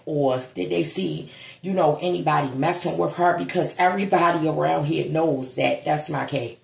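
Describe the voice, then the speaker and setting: A woman's voice: sits low, vocal fry. A woman vlogging at home, grieving and holding back tears, talking bluntly and swearing now and then. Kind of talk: casual vlog monologue. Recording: echoey room.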